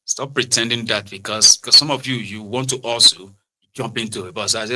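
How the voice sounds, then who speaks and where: Bright-voiced Nigerian man ranting. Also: mid-range voice, a little fast. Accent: Nigerian, Yoruba-inflected. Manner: switches between Pidgin, Yoruba and English, mimics people mockingly. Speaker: political commentator. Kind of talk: animated political commentary.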